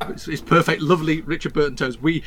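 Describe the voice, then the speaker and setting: A man's voice: on the high side, steady tone, fast talker, a bit bright, a little hiss or hum. A man enthusing about a film in casual conversation, rambling with restarts and laughs.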